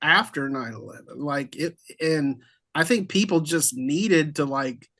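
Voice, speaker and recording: A man hosts a relaxed sports chat in a high, bright voice. He laughs easily and keeps the conversation moving. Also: unhurried. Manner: lively, laughs easily, hands the floor to guests. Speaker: podcast host, sports editor. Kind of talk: casual chat.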